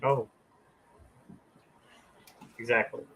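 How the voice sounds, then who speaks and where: A man's voice: very slow, bright, forceful tone, slight background noise. A man co-hosting a casual livestream chat, tossing in dry, joking interjections. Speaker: podcast co-host.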